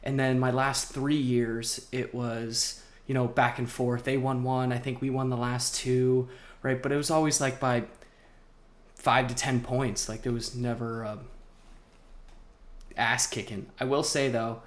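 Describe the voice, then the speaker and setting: A man's voice: mid-range voice, a little slow. A young man co-hosting a podcast, telling sports stories in a rambling, casual way with lots of fillers. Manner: rambling, animated storytelling with frequent fillers. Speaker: podcast co-host. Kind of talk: casual chat.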